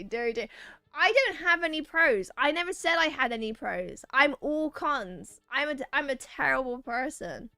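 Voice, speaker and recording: High-voiced playful woman streamer. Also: bright, forceful tone, no room sound. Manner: playful, chatty, reads chat messages aloud and banters back. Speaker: streamer playing a video game. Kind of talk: casual chat with a live chat while gaming. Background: faint game music.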